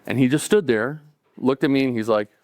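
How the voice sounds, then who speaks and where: A man's voice: medium pitch, fairly quick, darkish tone, dry recording. Man telling a story live, conversational. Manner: conversational, acting out dialogue, chuckling between lines. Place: cafe event stage.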